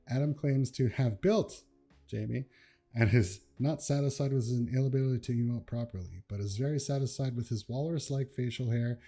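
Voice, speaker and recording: Young guy reacting to memes at his desk, chill and chatty, mellow voice. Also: mid-range voice. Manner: laid-back, laughs often, chatty asides. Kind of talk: casual reaction commentary.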